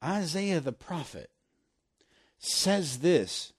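A man preaching a sermon, swinging from loud emphasis down to hushed, almost whispered lines. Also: fairly high pitch, sing-song, extremely slow, breathy edge.

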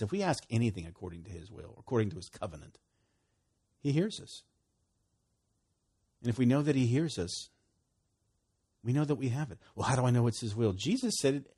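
A man preaching a casual sermon in an animated way, acting out little prayer dialogues as he goes. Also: on the low side, husky. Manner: animated, acts out voices of prayer and God.

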